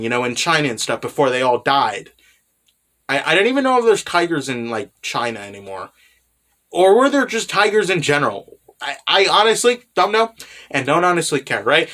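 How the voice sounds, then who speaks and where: A man's voice: fairly high pitch, big pitch swings, brisk, sharp tone. Rambling man recapping with constant fillers. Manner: filler-heavy, keeps tagging "right?" and "you know"; sarcastic asides. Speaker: manga chapter recap host.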